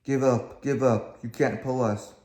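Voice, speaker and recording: A man's voice: medium pitch, steady tone, unhurried, dark tone, close to an everyday voice. A man reading a storybook aloud, voicing a band of rude, stubborn freight trucks that taunt and scream. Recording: echoey room, faint background.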